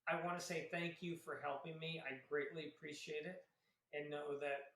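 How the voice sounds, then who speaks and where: A man's voice: on the high side, little pitch movement, normal speed, fairly bright tone, reverberant, rough recording. A man in his fifties, an Air Force veteran guest, telling stories casually with laughs and acted-out quotes. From grew up in South Carolina. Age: 50s. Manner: chatty, laughs often, acts out quotes. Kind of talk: casual interview storytelling.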